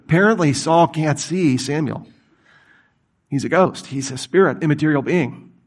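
Man preaching a sermon, conversational and animated, in a somewhat high voice. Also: normal speed. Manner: animated, conversational, reads scripture aloud then comments.

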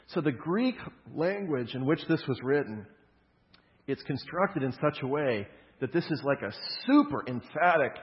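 A man preaching a sermon, explaining scripture with emphatic stresses on key words and casual conversational asides. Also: mid-range voice. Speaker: pastor. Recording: dull lo-fi sound with long hall reverb.

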